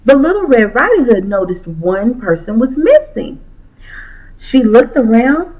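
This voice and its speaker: A woman telling a children's story aloud in a slow, sing-song way. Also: fairly high pitch, animated. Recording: dull lo-fi recording.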